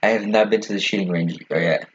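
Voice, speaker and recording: A young man co-hosting a casual podcast chat, talking fast and rambling with lots of fillers and swearing. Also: lowish voice, steady tone. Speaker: podcast co-host. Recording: dull lo-fi sound with faint noise.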